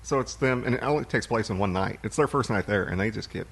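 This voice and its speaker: A man's voice: on the low side, quick pace, breathy edge. A man co-hosting a podcast, chatting casually and rambling about movies he has watched. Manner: relaxed, rambling storyteller. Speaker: podcast co-host.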